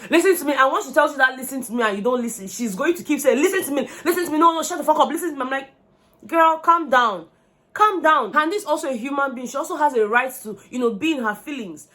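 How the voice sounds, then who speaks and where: A young woman giving a casual gossip recap, animatedly acting out what other people said. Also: a little high. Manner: animated, acts out quotes of others. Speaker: reality show recap vlogger.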